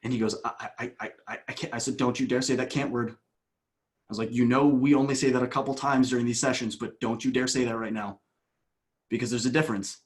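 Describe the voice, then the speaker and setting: Man, coach, podcast guest, long story, mid-pitched, excited bursts, hushed asides. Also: a little fast.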